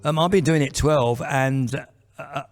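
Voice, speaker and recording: A man at a mid-range pitch opens an evening event with a loose, chatty introduction of the guest speaker. He trails off, restarts and jokes about himself along the way. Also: a little slow. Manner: rambling, self-deprecating, full of fillers. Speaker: host, vice chair of the group. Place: event venue, indoors.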